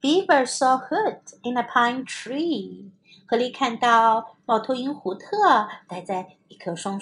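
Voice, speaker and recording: A woman English teacher reading a children's story aloud in two languages, slow and expressive. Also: on the high side, a little hiss or hum.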